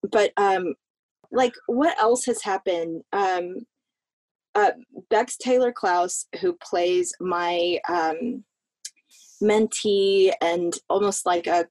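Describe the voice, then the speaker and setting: A woman's voice: fairly low pitch, slow pace, darkish tone, no echo. A woman from Florida, an actress talking in a casual interview, earnest and rambling, often restarting her sentences. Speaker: actress guest.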